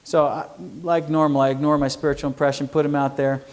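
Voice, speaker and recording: Middle-aged male speaker, slightly high voice, folksy lecture style with audience questions. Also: flat delivery, fast talker, darkish tone. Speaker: entrepreneur speaker. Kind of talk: lecture to students. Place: university lecture hall.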